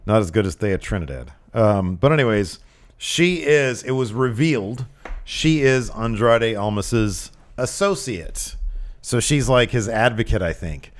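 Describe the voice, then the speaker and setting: A young man co-hosting a casual wrestling review podcast, excitable and jokey, jumping between topics. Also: on the low side, a little slow. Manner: excitable, jokey, slips into silly voices. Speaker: podcast co-host.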